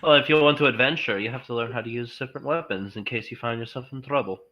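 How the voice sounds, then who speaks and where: A man playing a tabletop game with friends, speaking in character in a steady, fatherly way. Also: mid-range voice, fast, lo-fi sound. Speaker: tabletop player. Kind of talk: casual in-character play.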